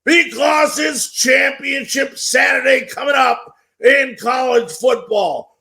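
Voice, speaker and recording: Loud, high-voiced sports radio host. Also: male voice, takes it slowly, vocal fry, hardly any pauses. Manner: emphatic, repetitive, building hype. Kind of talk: sports talk radio monologue.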